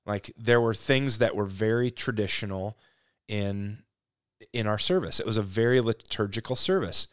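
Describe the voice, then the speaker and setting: A man's voice: on the low side, moderate pace, a bit bright, smooth, no echo. Earnest reflective man, dry recording. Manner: earnest, reflective, thinking aloud. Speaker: podcast co-host. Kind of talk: casual faith discussion.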